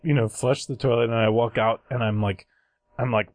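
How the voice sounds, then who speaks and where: A man's voice: mid-range voice, steady tone, brisk, no room sound. Rambling young guy telling a gross story on a podcast, slips into voices for people, laughs at himself, dead dry sound. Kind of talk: casual storytelling chat.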